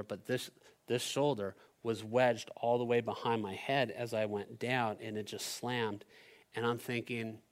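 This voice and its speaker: A middle-aged man preaching a sermon as a pastor, telling a personal story in an animated, conversational way. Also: on the low side.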